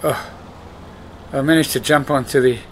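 A man's voice: medium pitch, steady tone, moderate pace, a little hiss or hum. A man giving casual commentary while playing a farming game, chatting to himself and scolding the computer-driven workers. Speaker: let's play host.

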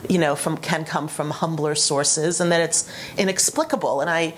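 A woman's voice: low voice, steady tone, moderate pace, slight background noise. A woman speaking as a panelist at a roundtable discussion, talking animatedly and eager to jump in.

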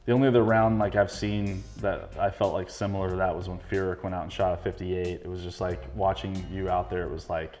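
Deep-voiced man asking admiring questions. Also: fairly even intonation, a little mellow, long reverb tail, soft background music. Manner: admiring, halting questions with fillers. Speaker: interviewer host. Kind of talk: casual interview.

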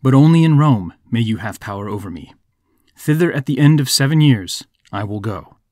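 A man's voice: mid-range voice, lively intonation, moderate pace, darkish tone, no room sound, studio quality, lightly acted. A man voicing a defiant, cunning male sorcerer who talks in a haughty, commanding way in a storytelling podcast. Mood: calm.

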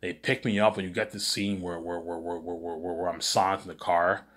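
A man's voice: low-pitched, flat delivery, fairly quick, fairly bright tone. A man telling a rambling story, stumbling over repeated words and swearing freely. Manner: repeats words and keeps saying "you know what I'm saying". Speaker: vlogger pitching a movie idea.

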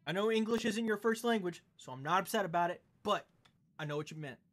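Playful young streamer guy, slightly high voice. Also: fast talker, a bit bright, slight background noise. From Southern United States. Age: 20s. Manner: playful, mock-indignant, stumbles over words for comic effect. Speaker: game streamer. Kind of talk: casual live-stream chat.

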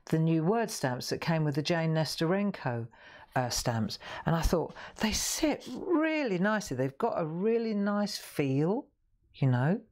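A woman's voice: low-pitched, big pitch swings, unhurried, a little mellow. A woman hosting a live craft show, chatting in a rambling way as she works, often breaking off mid-sentence. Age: 60s. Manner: chatty, rambling, self-interrupting. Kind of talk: live crafting demonstration chat.

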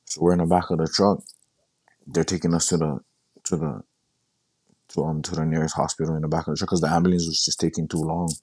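A young man casually telling a personal story in a halting way, often repeating himself and quoting what he said. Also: rumbling low, flat delivery, a little mellow, slightly rough, no room sound. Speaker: guest sharing his story.

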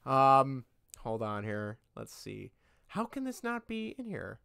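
A man co-hosting a casual podcast, talking at a middling pitch. He rambles through his favorite movie scenes with animated enthusiasm and mutters to himself while hunting for quotes. The sound is dry and close. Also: takes it slowly, vocal fry, clear, resonant tone, no echo. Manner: thinks aloud while looking things up. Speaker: podcast co-host. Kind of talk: casual chat.

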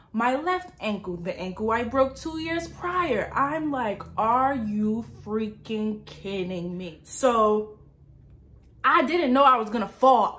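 A woman's voice: fairly high pitch, a bit bright. A woman in her early twenties from New Jersey, telling a story casually and dramatically with lots of filler words. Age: early 20s. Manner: chatty, dramatic retelling with many "like" fillers. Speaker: lifestyle vlogger.

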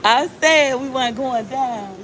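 A woman's voice: high-pitched, unhurried, fairly bright tone. A woman gambling on a live stream in a casino, coaxing the slot machine and chatting with her viewers. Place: casino floor.

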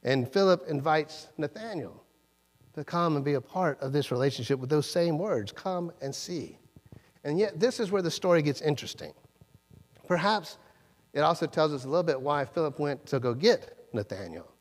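Preacher guy, kinda high voice, chatty sermon, big church echo. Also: animated, moderate pace. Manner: conversational, acts out quoted lines with pitch jumps. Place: church sanctuary. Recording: long church reverb.

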